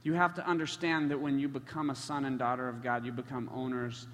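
Brief: male preacher, bright and forceful, fairly high, big hall reverb. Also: little pitch movement, brisk. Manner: passionate, with frequent surges in volume. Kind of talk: sermon. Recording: echoey hall.

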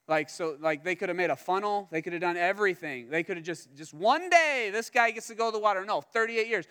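Guy preaching, kinda high smooth voice, jokes around, big echoey hall. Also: a little fast, few pauses. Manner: animated, humorous storytelling with acted-out quotes. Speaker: pastor. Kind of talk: sermon. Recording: long hall reverb.

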